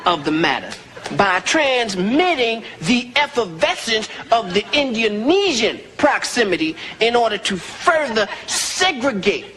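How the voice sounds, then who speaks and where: A man's voice: high voice, sing-song, unhurried, pushed and bright, a little hiss or hum, heavily acted. A man putting on a pompous character who strings together grand nonsense words while laughing. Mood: mock-grand.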